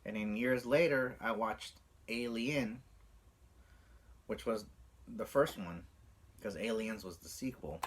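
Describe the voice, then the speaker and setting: A man's voice: takes it slowly, pauses often. A man vlogging casually to camera, recounting a childhood movie memory and acting out quotes with big jumps in his voice. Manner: animated, acts out quotes with big pitch jumps.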